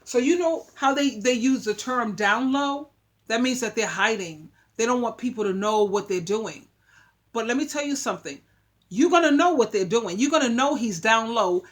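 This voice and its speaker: A woman's voice: a little high, lively intonation, moderate pace. A woman giving relationship advice in a casual, opinionated monologue. She talks emphatically, like a preacher, and repeats her points for emphasis.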